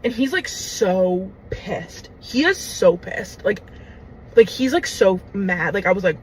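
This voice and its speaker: Animated young woman telling a dating story. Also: medium pitch, slow pace, a little hiss or hum, low-quality recording. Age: young adult. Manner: animated, dramatic, lots of fillers. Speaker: storyteller in a clip. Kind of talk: casual storytelling.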